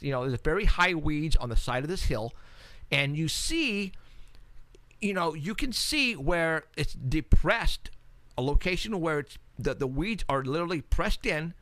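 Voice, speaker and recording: A man's voice: a little high, a bit bright, dry recording. A man co-hosting a paranormal radio show, talking in a rambling, casual way with many restarts as he walks through photos.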